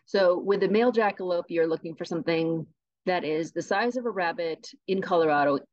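A woman guesting on a podcast, telling tall tales about a mythical animal with a deadpan delivery. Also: lowish voice, brisk, dull audio. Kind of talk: tongue-in-cheek podcast interview.

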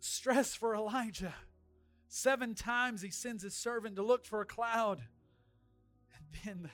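High-voiced fervent man preaching. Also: a little slow, faint music behind. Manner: fervent, shouting declarations then dropping to quiet storytelling. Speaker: pastor. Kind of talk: sermon.

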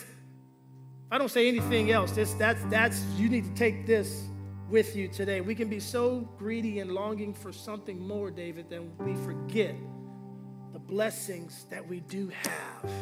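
A man with a notably high voice preaches to his congregation. He slips into funny personal stories and keeps asking the room to answer back. Soft music plays quietly behind him. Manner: humorous storytelling, asks congregation for responses. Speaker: pastor. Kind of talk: sermon.

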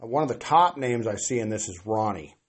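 A man's voice: lowish voice, lively intonation, brisk, slightly rough. A middle-aged man on a podcast, talking in a rambling, self-deprecating way with lots of hesitant restarts. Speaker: podcast guest. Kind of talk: casual podcast chat.

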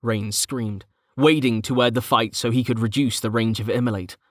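A man's voice: medium pitch, no room sound. Man narrating a fantasy audiobook, dry sound. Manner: steady, measured storytelling.

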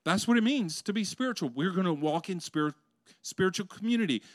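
A male pastor preaching a conversational sermon that swells into loud, passionate peaks. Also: high voice, expressive, fairly quick, no echo.

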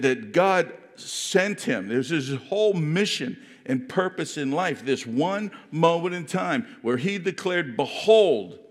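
Man preaching a sermon, kinda higher voice, earnest, lots of restarts, long echo like a big hall. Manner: earnest, reflective, with many restarts and repeated words.

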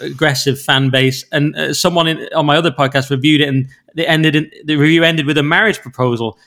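A man's voice: fairly high pitch, fairly even intonation, brisk, a bit bright. A man co-hosting a podcast in casual chat, joking and bantering wryly. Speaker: podcast co-host.

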